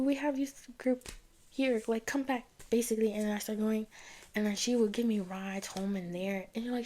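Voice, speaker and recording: A young woman recounts her own story in loose, conversational talk, full of "like" and "y'all". Her voice often sinks to a soft near-whisper. Her pitch sits in a middle range for a woman. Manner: chatty, heavy use of "like" and "y'all", often drops to a near-whisper. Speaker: vlogger sharing a faith testimony. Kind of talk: casual personal storytelling.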